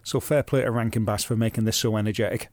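A man's voice: on the low side, fairly even intonation, fast, darkish tone, no echo. A man hosting a podcast, moving between scripted narration and wry, lightly sweary chat. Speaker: podcast host.

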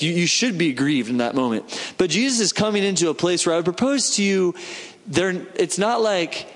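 A man preaching a sermon in a relaxed, conversational way, often acting out the voices in the story. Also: sits high. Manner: conversational, animated, acts out quoted voices. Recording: long hall reverb.

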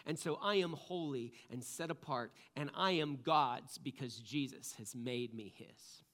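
A man preaching a sermon in an earnest way, swinging between louder passages and soft, low emphasis. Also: measured pace. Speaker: pastor.

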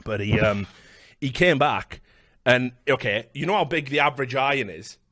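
A man's voice: mid-range voice, moderate pace, a bit bright, no echo, clean studio sound. A young Welsh man casually telling a story on a podcast, swearing freely, laughing and acting out the voices of the people in it. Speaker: podcast host.

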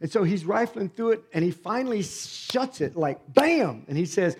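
Middle-aged pastor guy telling his testimony from the pulpit, kinda high voice, goes quiet then loud. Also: sing-song, measured pace, slightly rough. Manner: conversational storytelling, swings from hushed to emphatic. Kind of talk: sermon testimony.

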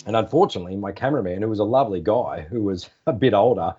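An Australian man in his forties, a former sports journalist guesting on a podcast, tells anecdotes in an easygoing, chatty way during a casual storytelling interview. His very low, husky voice has a dark, mellow tone, and he talks fast while acting out the phone calls he quotes. The audio sounds slightly dull.

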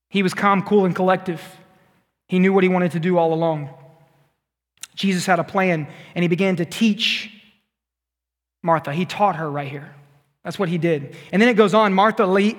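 Youth pastor guy giving a sermon, chatty, high voice, lots of hall echo. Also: fairly bright tone. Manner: conversational, retells scripture with asides to the audience. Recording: long reverb of a large hall.

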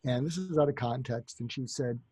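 A man's voice: mid-range voice, fairly quick, breathy edge, no room sound. A man who counsels parents, giving advice as anecdotes and acting out the voices in his stories. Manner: animated storyteller, acts out quoted voices.

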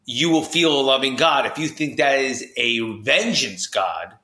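A man from New Jersey, a podcast guest, telling a personal story with high energy and acting out the voices he quotes. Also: expressive, a little slow, sharp tone, roomy sound.

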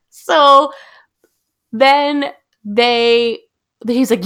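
A woman's voice: mid-range voice, normal speed. A woman chatting casually with friends, retelling a film's plot and acting out the characters' lines. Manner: animated storyteller, acts out characters' lines.

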